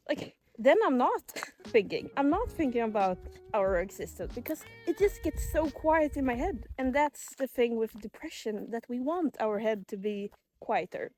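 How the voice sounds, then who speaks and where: A woman's voice: on the high side, darkish tone. Chatty young woman vlogging outdoors in woods. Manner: chatty and rambling, breaks into whispers and laughs. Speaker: lifestyle vlogger. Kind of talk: casual vlog talk while walking.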